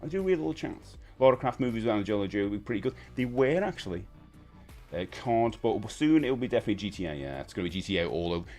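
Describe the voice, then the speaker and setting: A man's voice: fairly low pitch, sing-song, fast, a little mellow, soft background music. A man, hosting a casual live stream and chatting with viewers in a rambling, friendly way. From United Kingdom. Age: 50s. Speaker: livestream host.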